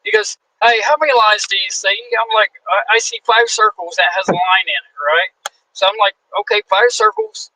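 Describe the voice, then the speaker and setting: A man in his forties, a guest wrestler, telling a story in a casual, animated way, acting out the quotes and swearing freely. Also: high-pitched, normal speed, low-quality recording. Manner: animated, acts out quotes in shifting voices.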